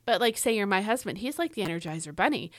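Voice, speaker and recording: A middle-aged woman giving casual devotional teaching, earnest and encouraging, pushing her voice up for emphasis and slowing down to read scripture. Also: mid-range voice, lively intonation, a bit bright, no room sound. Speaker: devotional podcast host.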